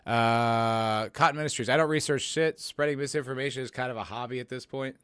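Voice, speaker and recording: A man's voice: medium pitch, fairly quick, a bit bright, smooth, no echo. A man hosting a podcast livestream and reading chat messages aloud, rambling casually, swearing and poking fun at himself. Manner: rambling, profane and self-mocking.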